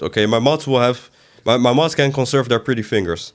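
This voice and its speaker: A man's voice: mid-range voice, a little fast, hardly any pauses. A man doing casual livestream commentary as a game streamer, reading chat aloud and answering it in a rambling way with sudden exasperated outbursts.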